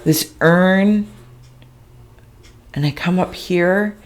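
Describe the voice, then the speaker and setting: A woman giving a slow, halting spiritual reading, describing visions in a soft, emotional, dreamy way. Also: on the low side. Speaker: intuitive reader.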